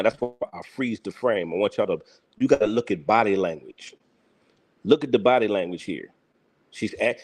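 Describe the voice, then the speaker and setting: A man hosting a reaction commentary, talking emphatically and often breaking into mocking laughter. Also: fairly low pitch. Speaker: host.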